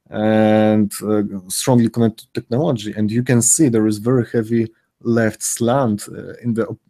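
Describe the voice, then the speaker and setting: A middle-aged man co-hosting a live stream in casual chat, speaking haltingly with frequent restarts and self-corrections. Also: fairly low pitch, warm tone. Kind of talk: casual chat, reading out chat comments.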